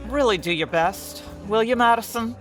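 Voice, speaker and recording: An actor playing a blunt, tactless 1950s client who talks in brisk old-fashioned detective-story phrases, in a comedy audio drama. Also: mid-range voice, fairly bright tone, faint music behind, natural voice, low-quality recording.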